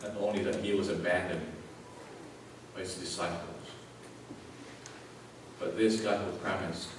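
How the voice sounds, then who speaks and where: A man's voice: sits low, noisy background. A man preaching a sermon with passion, driving points home with repeated rhetorical questions. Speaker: pastor. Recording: echoey hall from far off.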